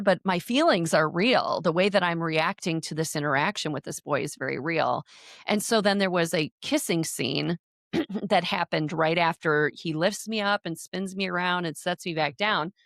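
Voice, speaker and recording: As an interview guest, a woman tells her personal story earnestly but haltingly, frequently stopping and starting sentences over. Her voice is fairly low for a woman and a bit bright, recorded dry and close with no room echo.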